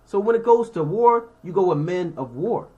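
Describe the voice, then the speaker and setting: Lively high-voiced man teaching scripture. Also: moderate pace, dull audio. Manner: conversational, slangy, keeps checking in with listeners; reads verses then explains them with everyday examples.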